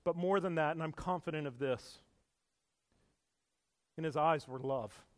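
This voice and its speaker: A male pastor preaching a sermon in earnest, swinging from hushed to loud and emphatic, stumbling and repeating words with small laughs. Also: fairly high pitch, a little slow. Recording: echoey hall with long reverb.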